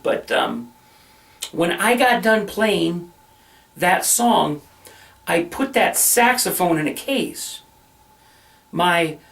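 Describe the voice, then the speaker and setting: A man's voice: high voice, gravelly, distant mic. A middle-aged man, a minister, telling a personal story in earnest, conversational sermon style.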